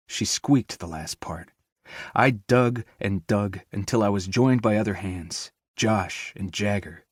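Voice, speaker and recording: A man's voice: lowish voice, unhurried, no room sound, clean studio sound. A man narrating a romance audiobook in the first person, with a tense, intense reading.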